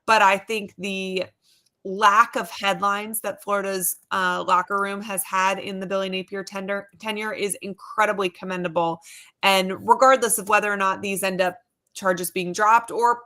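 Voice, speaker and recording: A woman hosting a sports panel in a relaxed, conversational way. Her voice is bright and forward, mid-pitched, and she often doubles back on her words mid-thought. She sounds like she is talking over a video call. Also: normal speed. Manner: conversational, frequent restarts and asides. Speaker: sports show host. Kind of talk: casual panel discussion.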